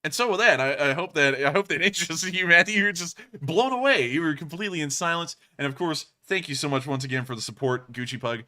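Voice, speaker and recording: A man's voice: on the high side, fast talker, few pauses, bright, forceful tone. A man hosting a casual livestream, rambling and laughing often, thanking viewers with stock phrases. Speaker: livestream host.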